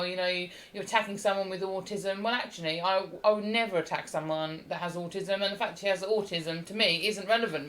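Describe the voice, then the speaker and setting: Lower-voiced woman chatting on a podcast. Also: poor audio. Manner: chatty, with many fillers and restarts. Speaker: podcast guest. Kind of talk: casual political discussion.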